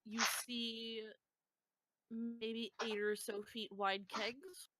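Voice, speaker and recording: A woman's voice: a little high, little pitch movement, very slow, a bit bright, no echo. A woman as game master, narrating a tabletop game with many hesitations. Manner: hesitant, filler-heavy narration.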